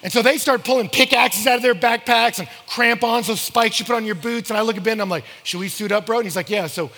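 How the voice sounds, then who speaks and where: A young man telling a story to an audience, acting out the quoted lines with big jumps in pitch and loudness. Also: fast. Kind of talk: animated storytelling talk. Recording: echoey hall with faint noise.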